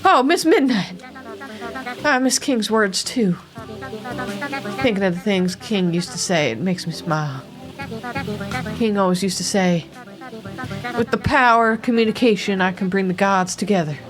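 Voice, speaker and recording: A woman's voice: mid-range voice, expressive, a little slow, long pauses, music in the background, close to an everyday voice. A woman voicing a hot-tempered, grieving cowgirl painter in a wobbly put-on accent sprinkled with Spanish words.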